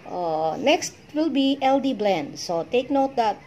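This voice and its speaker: Slow-paced Filipino woman teaching. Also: fairly high pitch, expressive, a little mellow, slight background noise. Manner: slow, deliberate spelling out of letters with code-switching. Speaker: shorthand teacher. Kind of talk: instructional lesson.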